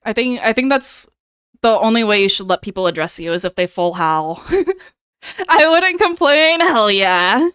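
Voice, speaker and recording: Playful young woman streamer, high bouncy voice, dry close sound. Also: animated, a little slow, fairly bright tone, clear, resonant tone, no echo. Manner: playful, dramatic begging bits. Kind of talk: casual live-stream chat with viewers.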